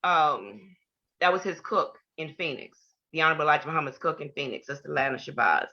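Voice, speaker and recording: A woman's voice: low-pitched, animated, fairly quick. An older woman giving an earnest personal testimony in an interview, repeating key points for emphasis. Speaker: guest. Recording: dull lo-fi podcast audio.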